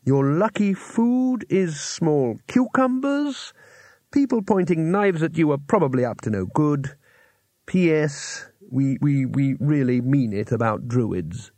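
A man voicing a fussy, nervous male astrologer in an audiobook, speaking slowly and hesitantly with a raised, breathy voice. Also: a little high, expressive, a little mellow, no room sound. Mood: reluctant. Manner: slow, hesitant and rambling. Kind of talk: audiobook character voice.

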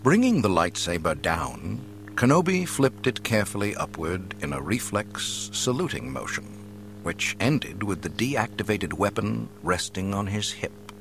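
A man narrating an adventure story aloud in an expressive, dramatic reading style. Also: fairly low pitch, measured pace, a little hiss or hum. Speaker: audiobook narrator. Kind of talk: scripted narration.

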